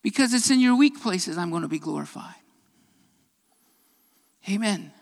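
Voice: mid-range voice, animated, normal speed, creaky. A preacher delivering an emphatic sermon, repeating key phrases and building to raised, fervent passages. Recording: long hall reverb.

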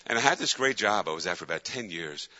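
Bright-voiced man preaching in an echoey hall. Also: deep voice, expressive, quick pace. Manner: emphatic, repetitive preaching. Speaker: pastor. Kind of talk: sermon. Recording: echoey hall, dull lo-fi sound.

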